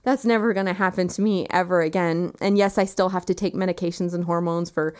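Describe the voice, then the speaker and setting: A woman in her thirties, earnest and reflective, telling a personal story in conversation and often dropping quiet. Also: lowish voice, fairly even intonation, fairly quick, smooth. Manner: earnest and reflective, quiet moments with soft laughs.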